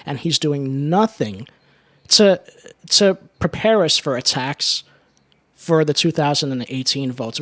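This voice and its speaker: A man co-hosting a political talk show, talking in an animated, joking way and often stumbling over words. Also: medium pitch, no room sound, studio quality. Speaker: co-host of a political radio show. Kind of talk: casual political commentary.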